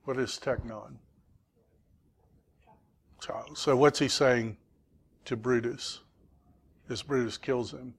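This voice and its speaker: A man's voice: mid-range voice, steady tone, takes it slowly, vocal fry, long pauses, breathy edge. A man teaching a Greek class, asking students questions and patiently explaining grammar. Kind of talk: classroom lesson.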